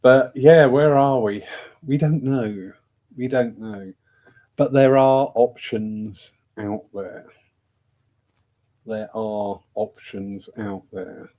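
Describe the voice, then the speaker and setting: A man's voice: medium pitch, takes it slowly, pauses often, mellow. Guy rambling away as host, laughs at himself a lot. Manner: chatty, self-mocking, laughs often. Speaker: host of a discussion evening. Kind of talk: casual rambling talk.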